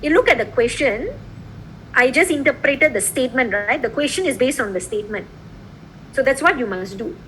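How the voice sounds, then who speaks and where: A woman's voice: sits high, a little hiss or hum, low-quality recording. A woman law lecturer teaching a class, explaining an assignment and often checking in with her students. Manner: lively, repeatedly checking in with "okay?" and "right?".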